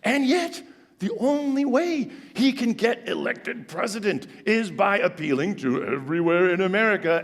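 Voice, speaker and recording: A man doing stand-up comedy on a theater stage, animated and ironic as he talks to the audience. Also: high voice, vocal fry. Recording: long reverb of a stage hall.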